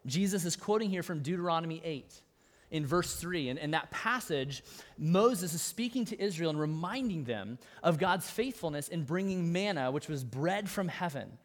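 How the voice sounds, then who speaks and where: A man's voice: fairly high pitch, animated, moderate pace. A man preaching a sermon, talking in an easy, conversational way, with emphatic stresses and dry humorous asides. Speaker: pastor.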